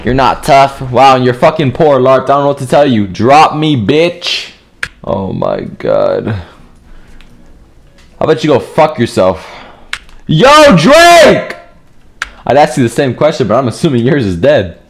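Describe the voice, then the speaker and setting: A man's voice: medium pitch, very animated, moderate pace, creaky. Foul-mouthed young man commenting on gameplay. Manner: profane, joking, trash-talks other players; bursts into yelling. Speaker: gaming video creator.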